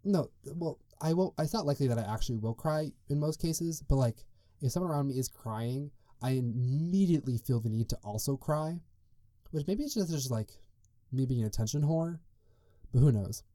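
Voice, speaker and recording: Telling chatty, rambling stories full of "like" and tangents, the young solo podcast host speaks with medium pitch and lively intonation. He keeps a moderate pace and a mellow tone, recorded at studio quality with no echo.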